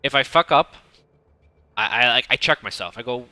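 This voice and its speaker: Guy in his 30s coaching a viewer, foul-mouthed and rambly, super bright voice, mid pitch. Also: moderate pace, pauses often, no room sound. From United States (Detroit). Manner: profane, rambling, blunt advice; self-described monotone delivery. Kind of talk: casual coaching commentary.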